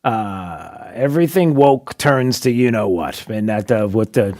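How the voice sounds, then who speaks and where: A man's voice: lowish voice, lively intonation, measured pace, a little mellow. Emphatic talk radio host, man. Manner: rhetorical, repeats questions, emphatic. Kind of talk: opinionated talk radio monologue and banter.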